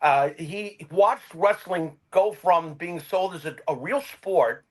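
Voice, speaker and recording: A man's voice: high-pitched, takes it slowly, slightly rough, low-quality recording. An older man co-hosting a wrestling podcast, asking questions with emphatic, opinionated asides. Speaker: podcast co-host. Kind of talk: casual podcast interviewing.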